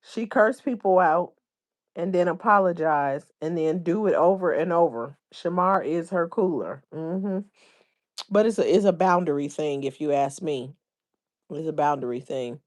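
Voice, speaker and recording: A woman's voice: low-pitched, unhurried. A woman hosting a livestream, chatting casually and reading viewer comments aloud in informal slang. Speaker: livestream host.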